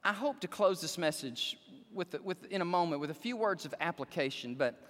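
A man preaching a sermon, animated and exclaiming, joking with the congregation. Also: on the high side, normal speed. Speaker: pastor. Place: church sanctuary. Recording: long hall reverb.

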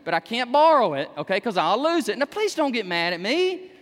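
A male pastor preaching a sermon in a church, animated, with sudden shouts and humorous asides. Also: extremely high pitch, fairly quick. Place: church sanctuary. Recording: echoey church hall.

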